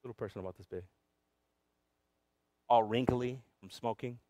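Preaching at normal speed in a mid-range, fairly even voice, this pastor shares a personal story that ranges from shouting to almost whispering. He sometimes turns to Spanish for his congregation, and the recording has no room sound.

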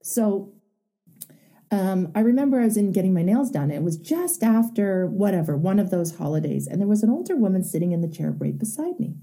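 A woman's voice: medium pitch, animated, brisk, warm tone. A woman talking frankly and emphatically as a host, telling a personal story and giving advice.

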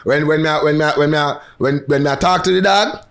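Fast-talking Jamaican man in patois. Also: on the high side. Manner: animated, repeats words, mixes patois and English. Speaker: guest dancehall artist. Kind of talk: casual podcast interview.

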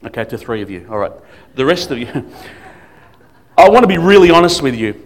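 A man preaching as a guest speaker at a church service, emphatic, swinging between loud declarations and quiet asides. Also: mid-range voice, big pitch swings, moderate pace. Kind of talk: sermon.

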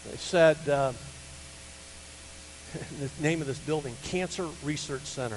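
An older man, a pastor, telling a personal story in a sermon to a church, animated and rising to loud, emphatic peaks. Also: fairly high pitch, moderate pace. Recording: hall reverb with faint hum.

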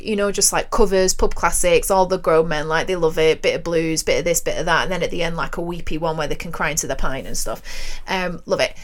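A woman co-hosting a radio show, chatting casually and telling frank, self-mocking stories. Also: on the low side. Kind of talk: casual chat.

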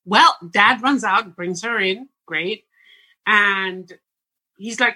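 A woman's voice: medium pitch, slow pace, breathy edge, poor audio. A woman co-hosting a podcast, telling stories in casual chat and laughing often. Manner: laughing, lively storyteller. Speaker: podcast co-host.

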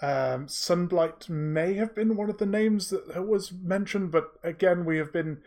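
A man plays a measured, diplomatic sheriff in a tabletop game. The voice sits a touch high for a man, and he chooses his words politely, with plenty of pauses. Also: darkish tone. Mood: courteous. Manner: polite, hesitant, many fillers.

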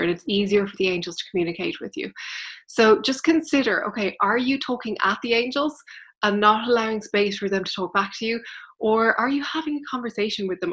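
A woman leads a spiritual guidance talk in an earnest, explanatory way. She speaks straight to her listeners as a teacher. Her voice sits at a middle pitch for a woman. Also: a bit bright.

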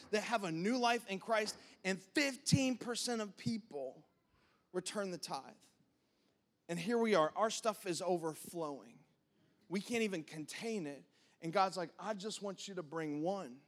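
A pastor in his thirties preaching a sermon, animated, acting out quoted voices of God and his congregation. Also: sits high.

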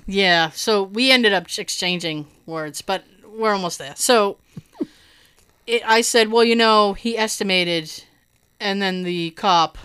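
Animated laughing woman telling a story. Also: mid-range voice, slow, smooth. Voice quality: hearing loss in right ear. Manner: animated, laughing storyteller who acts out quotes. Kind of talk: casual chat.

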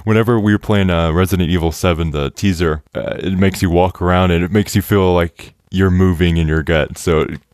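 A young man hosting a podcast in casual chat, excitable and laughing often, with many fillers. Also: deep voice, brisk, few pauses, no room sound, clean studio sound. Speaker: podcast host.

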